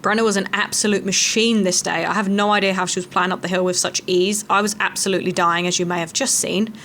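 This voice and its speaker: A young woman talks through her hiking day at a quick clip. Her tone is chatty and self-mocking, like a travel vlogger. Wind and outdoor noise sit clearly under her voice. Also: mid-range voice, steady tone, a bit bright. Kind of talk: casual travel vlog narration. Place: outdoors on a mountain trail.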